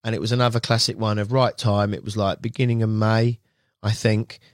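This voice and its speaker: A man's voice: on the low side, flat delivery, fairly quick, no room sound, studio quality. A man telling a long rambling story as a guest, casual and chatty, often quoting what others said. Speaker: guest angler.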